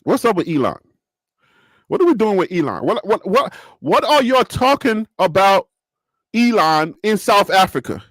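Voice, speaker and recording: A high-pitched man hosts a live sports talk stream, chatting casually and laughing often. His voice swings lively up and down, and it sounds dry and close with no room around it. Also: normal speed, no room sound.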